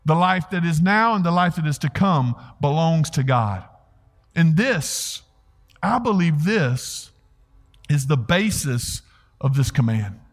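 A man preaching a sermon as pastor, earnestly stressing key phrases and slowing down on them. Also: expressive. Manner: earnest preaching, rises in pitch for emphasis, slows on key phrases. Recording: long hall reverb.

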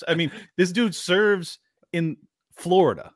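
A man's voice: a little slow, dry recording, clean studio sound. A man talking politics as a podcast guest in casual chat, incredulous and mocking. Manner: incredulous, goes sharply higher when mocking.

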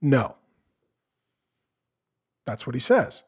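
A man's voice: medium pitch, very animated, very slow, breathy edge. A middle-aged man preaching a sermon in an earnest, conversational way, asking the listeners questions. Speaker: pastor.

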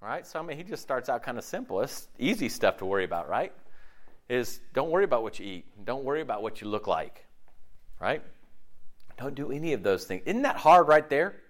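A man's voice: mid-range voice, brisk. A man preaching a sermon in a conversational style, often checking in with the listeners and acting out his own inner dialogue. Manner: animated, conversational preaching with frequent "okay?" check-ins; acts out inner dialogue in shifting voices. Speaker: pastor.

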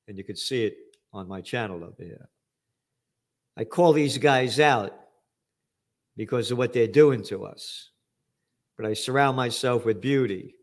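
An older man hosting an angry, profane commentary monologue, ranting sarcastically about the economy. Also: mid-range voice. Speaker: trend forecaster host.

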